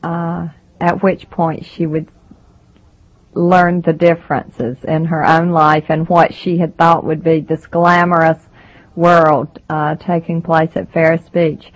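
A woman with a Southern American accent answers questions about her writing. She speaks slowly, in a fairly low voice. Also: level tone, dull audio. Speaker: author. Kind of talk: interview answers.

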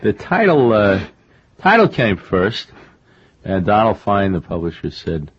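A man's voice: on the low side, big pitch swings, unhurried, slightly rough. An older man, a novelist guest in an interview, talking in a rambling, self-deprecating way with many fillers and restarts. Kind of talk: conversational interview. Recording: dull lo-fi radio recording.

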